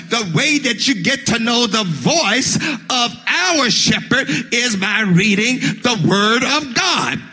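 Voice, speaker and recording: A male pastor preaching a sermon, calling out to the congregation and rising into sung, shouted cadences. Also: extremely high pitch.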